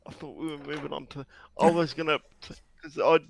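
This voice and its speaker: A man's voice: on the high side, steady tone, brisk, gravelly, slight background noise. A man speaking apologetically in a casual chat, trailing off. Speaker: podcast co-host.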